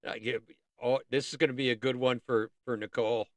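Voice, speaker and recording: A man's voice: mid-range voice, fairly quick, no echo. A man hosting a casual art livestream, rambling and easily sidetracked, breaking off to sing bits of songs. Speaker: livestream host.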